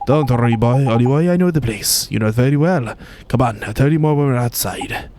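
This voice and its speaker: A man's voice: mid-range voice, a little fast, noisy background, close to an everyday voice. Drippy, a man doing a Welsh fairy. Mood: cheeky. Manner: chatty, teasing, drops tag questions. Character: cheeky little male fairy sidekick, chatty and boastful. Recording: game music behind.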